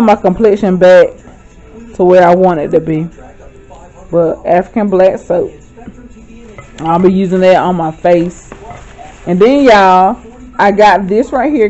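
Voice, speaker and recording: A woman, chatting excitedly to viewers at home as she shows off her shopping haul. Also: on the low side, muffled recording. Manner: chatty, excitable, keeps addressing viewers as y'all. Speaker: vlogger. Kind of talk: casual haul vlog.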